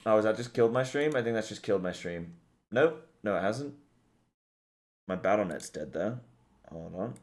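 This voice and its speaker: A man's voice: lowish voice, animated, moderate pace, pauses often, a little mellow. A tired young man streaming a game, rambling and swearing casually as he chats with viewers.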